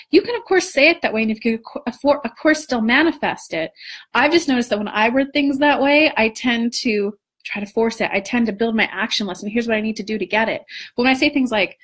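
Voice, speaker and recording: A young woman coaching on manifesting, chatting casually in a live stream, animated with lots of restarts and the odd swear. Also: a little high, a little fast, slightly rough. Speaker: law of attraction coach.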